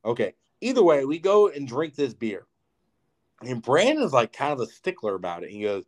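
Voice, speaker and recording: Young dude on a podcast rambling through a story, lotta "like"s and swearing, pitch all over. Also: male voice, normal speed. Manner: animated, profane storytelling with lots of "like". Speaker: podcast co-host. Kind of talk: casual storytelling chat.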